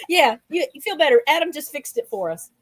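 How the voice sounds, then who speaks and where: An American woman hosting a casual interview over a video call, bubbly and quick to laugh. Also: high-pitched, dry recording. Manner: bubbly, giggly, quick-reacting. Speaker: show host.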